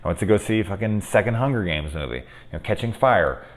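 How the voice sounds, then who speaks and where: A man in his thirties talks through a horror film in a casual, unscripted review. His voice sits very low. He swears often and swings from soft, reflective asides to loud, worked-up outbursts. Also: lively intonation, a little fast. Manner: candid and profane, swinging from quiet musing to loud exasperated outbursts.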